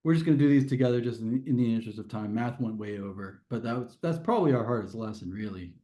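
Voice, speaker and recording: A man's voice: medium pitch, lively intonation, fast talker, warm tone, muffled recording. A man teaching a test prep grammar lesson to a class, explaining step by step and often restarting his phrases.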